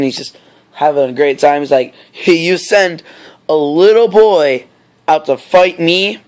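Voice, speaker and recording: A man casually retells a story at a slow, unhurried pace, wandering into fillers and side comments as he goes. His voice sits slightly high for a man. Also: darkish tone. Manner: rambling, many fillers and asides.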